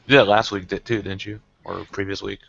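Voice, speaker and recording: A man's voice: on the low side, level tone, fast talker, vocal fry, fairly bright tone, dull audio. A man hosting a podcast, chatting casually and prodding his co-hosts with questions. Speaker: podcast host. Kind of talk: casual chat.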